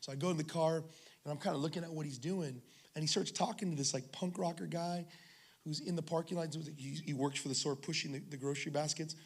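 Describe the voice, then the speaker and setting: His voice is on the high side and breathy, with fairly even intonation and a brisk pace, as this male pastor preaches at a school-venue church service. He mixes humorous storytelling with jokes aimed at the congregation.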